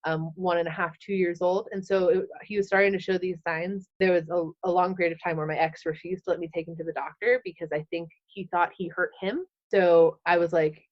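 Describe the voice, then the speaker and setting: A woman's voice: on the low side, fairly even intonation, fairly quick, few pauses. A woman in her thirties tells her personal story as a podcast guest, candid and unscripted. She keeps saying "like" and voices her past thoughts as little quoted scenes. The audio sounds a bit dull and lo-fi. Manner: fills speech with "like", acts out her own past thoughts.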